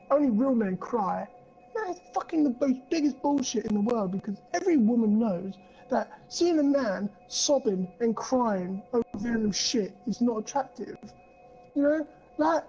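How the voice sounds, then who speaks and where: A man's voice: very high-pitched, dark tone, muffled recording. A man co-hosting a podcast, ranting in casual chat, swearing a lot and rambling with plenty of fillers. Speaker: podcast co-host.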